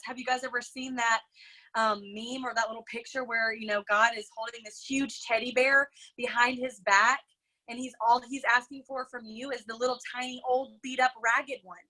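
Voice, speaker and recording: A woman's voice: fairly high pitch, bright, forceful tone, poor audio. A woman hosting a motivational group video call. She talks in an effusive, emotional way and keeps calling the group "y'all".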